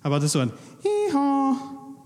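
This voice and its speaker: Talking at normal speed, the pastor has a voice on the high side with a darkish tone. He jokes casually with the congregation and quizzes them on lines from movies. His voice carries long reverb through the big church hall.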